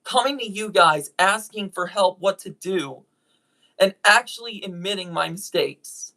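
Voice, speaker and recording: A YouTube voice actor speaking directly to viewers in an apology video, earnest and halting, often restarting sentences while saying sorry. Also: mid-range voice, pushed and bright.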